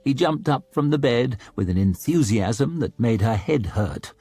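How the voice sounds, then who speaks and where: A man narrating an audiobook in an expressive storytelling manner. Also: mid-range voice, measured pace, hardly any pauses, husky, no echo, soft background music. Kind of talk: scripted narration.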